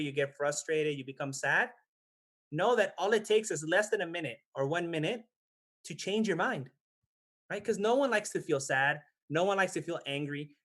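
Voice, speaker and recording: A man's voice: a little high, fairly bright tone. A man in his thirties leading a guided breathing practice and a Dhamma talk, patient and checking in with listeners often. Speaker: meditation teacher. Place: temple hall.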